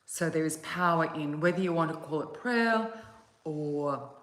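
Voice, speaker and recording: Female meditation host, casual home vlog, slow, gentle and meandering, roomy phone sound. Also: sits low. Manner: soft, gentle and meandering, with yawns. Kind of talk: casual chat to viewers. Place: at home, outdoors on a calm day.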